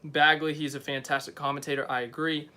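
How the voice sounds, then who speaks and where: A young man talks off the cuff on a live stream, rambling and unsure, often stopping to correct himself. His voice sits a bit high for a man and has a bright, forceful edge. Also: flat delivery, a little fast. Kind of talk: casual live stream chat.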